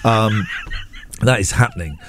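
A man's voice: lowish voice, takes it slowly, slight background noise. A man, hosting a radio show in a rambling, self-deprecating chat that jumps between asides. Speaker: radio host. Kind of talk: casual on-air chat. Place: radio studio.

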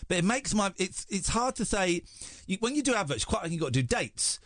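A man's voice: high voice, sing-song, fairly quick, fairly bright tone, no room sound, clean studio sound. A man with an English accent hosting a radio show, rambling and self-mocking in casual chat. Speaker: radio host.

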